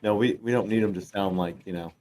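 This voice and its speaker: Low-voiced man hosting a podcast. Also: quick pace, a little mellow. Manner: teasing, reads out chat comments. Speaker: podcast host. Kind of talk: casual chat.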